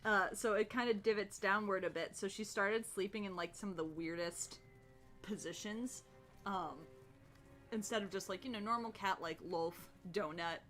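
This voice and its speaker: A woman's voice: mid-range voice, moderate pace, a bit bright, soft background music. A woman co-hosting a livestream, rambling through casual asides with giggles and apologies. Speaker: co-host of a streamed gameplay talk.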